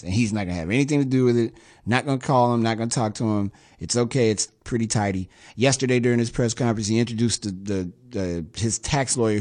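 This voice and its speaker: A man's voice: on the low side, darkish tone. A man hosting a radio show, reading news quotes and adding sarcastic, wry asides in a loose commentary style.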